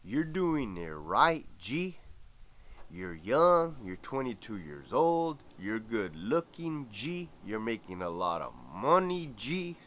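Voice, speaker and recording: A man imitating a smooth-talking male inmate who flatters and tacks "G" onto every phrase. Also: mid-range voice, slow pace. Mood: flattering. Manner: repeats "G" at the end of each phrase.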